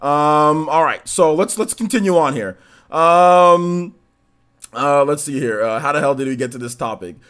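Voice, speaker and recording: A man's voice: a little high, unhurried, a bit bright, clean tone. A young adult man hosting a live-stream Q&A in casual chat, rambling and talking to his chat. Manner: rambling, restarts, talks to chat.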